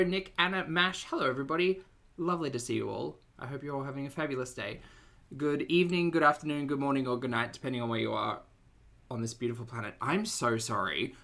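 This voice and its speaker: An Australian man hosting a casual reaction livestream, talking loudly and chattily. He has a bright, forward tone, and his pitch swings widely as he jokes at his own expense. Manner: chatty, loud and self-mocking.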